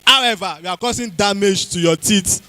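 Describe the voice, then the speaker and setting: A man's voice: high-pitched, normal speed, pushed and bright, rough recording. A man with a Nigerian accent giving a health talk to a church congregation, quizzing the audience and repeating key phrases. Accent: Nigerian English.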